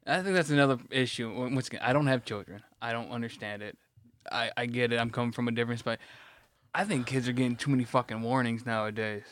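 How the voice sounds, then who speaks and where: A man's voice: medium pitch, quick pace, a bit bright. A man ranting on a podcast, rambling with many restarts and plenty of swearing. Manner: rambling, restarts a lot, profane rant. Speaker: podcast co-host. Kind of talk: casual ranting chat.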